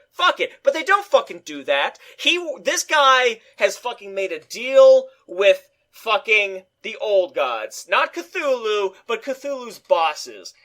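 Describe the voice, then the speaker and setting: Man, high voice, lively swinging pitch, profane ranting, casual co-host. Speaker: co-host reviewing movies. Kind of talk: casual podcast chat.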